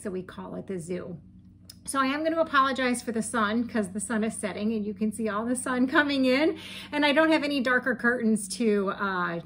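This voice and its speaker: A woman's voice: medium pitch, slight background noise. A woman talking casually to camera from her home, chatty and gushing, with frequent ums and light laughs. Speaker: crochet vlogger. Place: home room with setting sun through the window.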